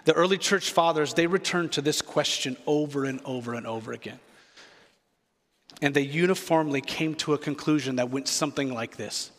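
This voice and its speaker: A man delivers a sermon as a pastor, earnest and reflective, circling back to repeat his key phrases. His voice sits a little on the high side. It rings out with the long reverb of a large hall. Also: moderate pace, a bit bright.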